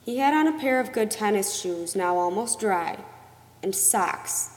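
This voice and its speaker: A woman reading a novel aloud as narrator, in a measured, expressive storytelling manner. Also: medium pitch. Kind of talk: audiobook narration. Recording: long reverb.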